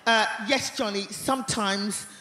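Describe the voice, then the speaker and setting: A man performing stand-up comedy on a theatre stage, acting out scenes with lively voices. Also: high voice, unhurried, a little hiss or hum. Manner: animated, acts out scenes with voices. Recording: echoey theatre with loud audience.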